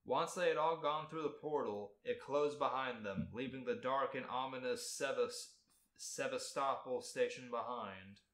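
A man's voice: mid-range voice, unhurried, a bit bright. Man reading a story, echoey room. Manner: amused reading, breaks into laughs. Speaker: podcast host reading a story. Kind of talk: reading fan fiction aloud.

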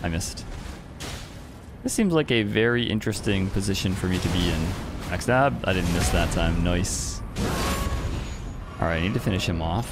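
A man's voice: deep voice, lively intonation, moderate pace, long pauses, over music. A man streaming an online game, giving casual commentary in a playful, teasing way with frequent chuckles.

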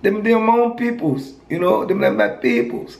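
A man's voice: high voice, big pitch swings, normal speed, gravelly, voice pushed up, heavily acted. A man voicing a touchy, dismissive male inmate from the Virgin Islands with a Virgin Islands Creole accent and broken "me don't" phrasing, in an echoey room with faint noise.

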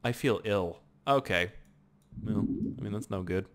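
A man giving casual gameplay commentary, talking to himself in a profane, excitable, rambling way. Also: fairly low pitch, measured pace. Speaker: gaming YouTuber.

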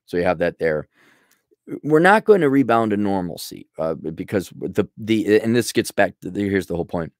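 A man's voice: deep voice, big pitch swings, moderate pace, no room sound, studio quality. A man hosting a casual commentary monologue, answering a viewer's question in a blunt, sarcastic, rambling way.

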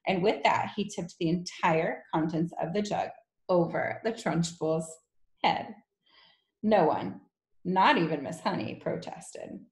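A woman teacher reading a children's novel aloud to her class in an expressive, gentle way. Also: fairly low pitch, takes it slowly. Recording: echoey room.

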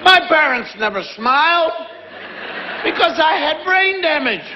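A middle-aged man doing stand-up storytelling with a very high-pitched voice, chatting along and slipping into the people in his tales. The sound is dull and lo-fi, with a long hall reverb and faint noise behind. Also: lively intonation, unhurried, a crowd in the background. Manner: conversational, acts out family scenes. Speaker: comedian. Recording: dull, reverberant live recording.

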